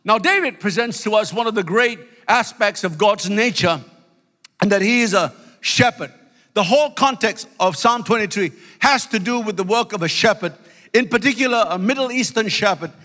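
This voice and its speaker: A man's voice: high-pitched, moderate pace, sharp tone, long reverb tail. A middle-aged man preaching a sermon as pastor, emphatic with calls of hallelujah. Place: church sanctuary.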